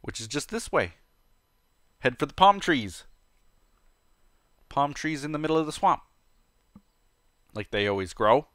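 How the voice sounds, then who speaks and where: A man giving casual let's-play commentary as a gameplay host, playful, chatty and easily excited. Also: on the high side, measured pace, long pauses, no room sound, studio quality.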